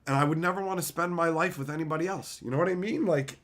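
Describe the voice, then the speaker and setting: A man chatting casually with viewers on a live stream, profane, animated and openly emotional. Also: fairly high pitch, fast talker.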